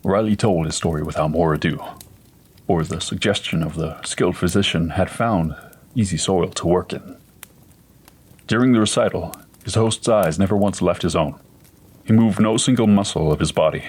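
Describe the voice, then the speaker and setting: A man narrating a classic ghost story aloud, reading in a steady, unhurried way. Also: low-pitched, breathy edge.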